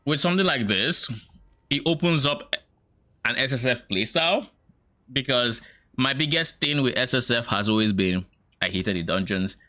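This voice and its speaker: A man's voice: mid-range voice, expressive, normal speed, bright, forceful tone. A young man streaming, giving casual, opinionated reaction commentary with hesitant restarts.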